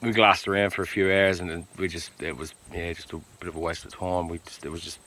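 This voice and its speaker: A man talking to camera during a mountain hunt, relaxed and chatty, with plenty of ums and uhs, recorded outdoors on a steep slope. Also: deep voice, quick pace, poor audio. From Australia. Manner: relaxed, chatty, lots of filler words. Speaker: hunter filming a hunt. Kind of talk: casual on-camera hunting vlog.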